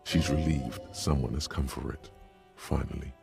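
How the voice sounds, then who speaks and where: A man voicing the narrator of a video game, describing scenes in a measured, wry, literary way. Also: extremely low pitch, fairly even intonation, gravelly, over music, exaggerated voice. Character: brooding omniscient male game narrator.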